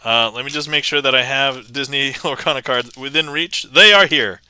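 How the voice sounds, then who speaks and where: A man streams from a home setup with a very bright, crisp voice, joking loosely as he narrates card tricks. He laughs often and reads viewer comments aloud. The sound is dry and close, with no room echo. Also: mid-range voice, moderate pace. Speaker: magic livestreamer. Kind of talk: casual live-stream chat while performing card tricks.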